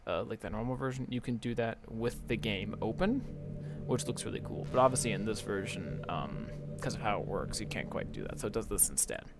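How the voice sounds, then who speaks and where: A man's voice: fairly low pitch, lively intonation, fairly quick, creaky. A man giving casual, chatty commentary while playing a video game, reacting aloud to what happens on screen. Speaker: gamer streamer. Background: game music.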